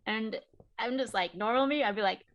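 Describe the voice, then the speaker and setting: A woman chatting at home on a video call as an interview guest, telling lively stories and acting out what people said. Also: fairly high pitch, fairly quick, highs cut off. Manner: animated storyteller, acts out quotes. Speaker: guest cosplayer. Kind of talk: casual interview chat.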